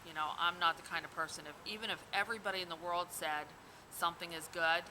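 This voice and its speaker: Low-voiced rambling woman, noisy background. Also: fairly even intonation, fast. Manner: rambling, self-assured, many fillers. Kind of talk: casual vlog talk.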